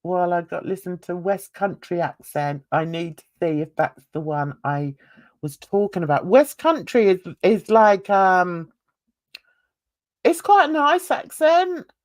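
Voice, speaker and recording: A woman with a light London and Essex twang hosts a casual chat, rambling from one thought to the next and laughing often. She talks at an unhurried pace. The recording is dry and close. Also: fairly low pitch, animated, a little mellow, dry recording. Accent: mild London and Essex. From England. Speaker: channel host.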